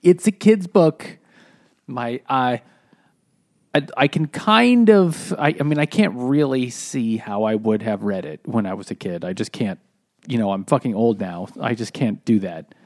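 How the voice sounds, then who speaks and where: Mid-pitched man, rambling casual review, trips over his words. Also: a little slow. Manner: hesitant, rambling, self-correcting. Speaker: podcast co-host. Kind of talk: casual chat, giving a review.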